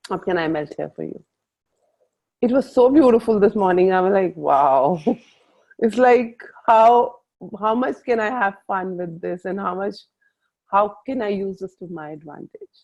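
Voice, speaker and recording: An unhurried woman with a mid-range voice hosts a casual group coaching call over video, and the sound is muffled. She tells lively stories, quoting her own thoughts as she goes.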